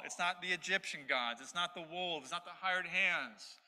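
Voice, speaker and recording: A man's voice: sits high, normal speed, hardly any pauses, bright, forceful tone. A man preaching an expository sermon as pastor, stressing his points through repetition. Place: church sanctuary. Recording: long hall reverb.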